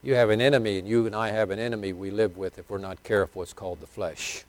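An older man preaching a sermon, swinging from loud, emphatic bursts to quiet, low asides, chuckling and asking his congregation questions. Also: steady tone, fast talker.

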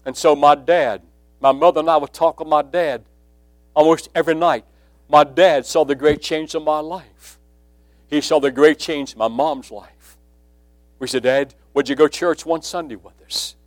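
A man's voice: fairly even intonation, normal speed, no echo. Preacher man telling a testimony. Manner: swells from low, quiet storytelling to loud, rising emphasis. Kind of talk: sermon testimony.

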